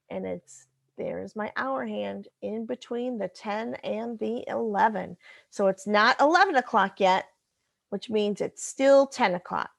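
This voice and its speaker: A woman's voice: mid-range voice, creaky, fairly bright tone, dry recording, clean studio sound. A woman teacher talking through a recorded math lesson, patiently explaining step by step and correcting herself as she goes.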